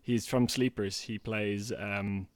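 A man talking casually as a guest, halting and repeating himself as he searches for words. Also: fairly low pitch, fairly even intonation, crowd noise. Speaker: guest filmmaker. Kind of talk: casual chat.

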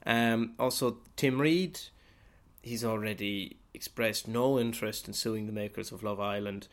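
A man, hosting a podcast and delivering a rambling comic monologue in character as a priest, swearing and breaking into sudden loud outbursts. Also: lowish voice, a little slow. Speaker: podcast host.

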